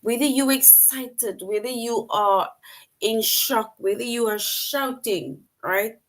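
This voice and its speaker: A young woman gives an online grammar lesson to children in a fairly high voice at a slow pace. She's patient and goes step by step, acting out example sentences as she explains.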